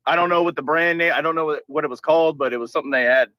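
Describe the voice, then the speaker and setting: Man, slightly high voice, easygoing meandering recollection, dry sound. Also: racing, dry recording, lo-fi sound. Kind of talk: casual chat.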